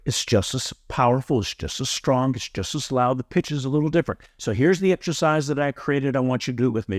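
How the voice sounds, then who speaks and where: A man's voice: mid-range voice, brisk, hardly any pauses, dry recording. Earnest male yoga teacher, dry close sound. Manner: earnest, emphatic, repeats key phrases. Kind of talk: instructional tutorial.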